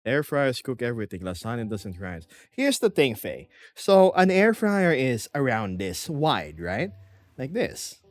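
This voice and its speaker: A young man streaming from his small apartment, chatting casually with viewers and reading their comments aloud in a lively, self-deprecating way. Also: mid-range voice, measured pace, no room sound. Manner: animated, self-deprecating, reads chat aloud. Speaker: VTuber streamer. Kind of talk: casual livestream chat.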